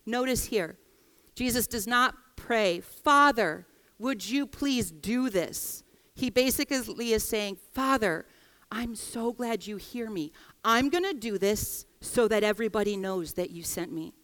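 A woman preaching a sermon in a church, expressive, voicing quoted lines with feeling. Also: fairly high pitch, measured pace. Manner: expressive, acts out quoted voices. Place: church hall. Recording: long hall reverb.

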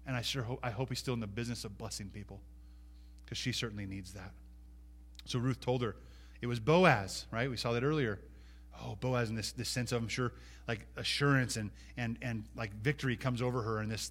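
A man preaching from the pulpit in a mid-pitched voice. He swings from loud, emphatic bursts to hushed, intimate asides. He voices the biblical speakers in first person as he goes. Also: fairly quick. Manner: animated, swinging between loud emphatic peaks and quiet asides. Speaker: pastor. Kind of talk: sermon.

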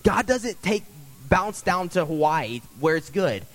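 A man's voice: high voice, animated, measured pace. A young man preaching a sermon as pastor, earnest and conversational, repeating phrases for emphasis.

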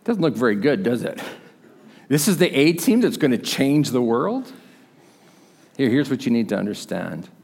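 A man's voice: medium pitch, very animated, normal speed, vocal fry, long pauses, a little mellow, slightly rough. A male pastor preaching a sermon in a conversational, emphatic storytelling manner. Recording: long hall reverb.

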